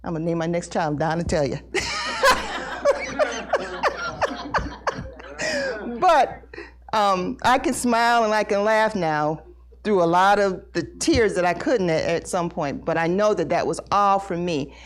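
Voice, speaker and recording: A middle-aged woman giving an emotional personal testimony at a Bible study, earnest and halting, repeating words as she talks. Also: fairly low pitch. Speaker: congregation member sharing testimony.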